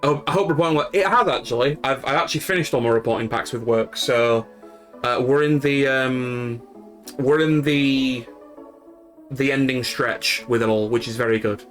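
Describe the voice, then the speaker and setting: Faint music sits behind a man from Yorkshire, north of England, who chats with his live stream audience in his Yorkshire accent. He speaks at normal speed with a medium-pitched, fairly bright voice, rambling with many fillers and restarts.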